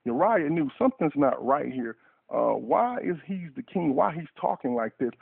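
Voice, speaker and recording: On talk radio, a man with a somewhat high, gravelly, husky voice preaches a fervent sermon at normal speed in a sing-song style, stacking and repeating words in urgent bursts. The audio is tinny and dry like a phone line, with no room sound.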